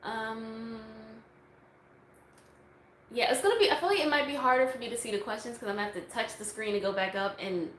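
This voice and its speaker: A woman's voice: on the high side, fairly quick, a bit bright. Young woman, chatty livestream Q&A, rambling with fillers, phone mic, echoey room, faint hiss. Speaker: YouTube streamer answering viewer questions. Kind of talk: casual livestream Q&A. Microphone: phone on a tripod.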